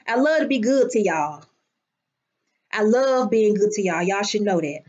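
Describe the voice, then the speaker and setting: A woman's voice: medium pitch, expressive, unhurried, a little mellow, muffled recording. A woman hosting a casual live stream, brash and profane, greeting her viewers by name. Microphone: phone.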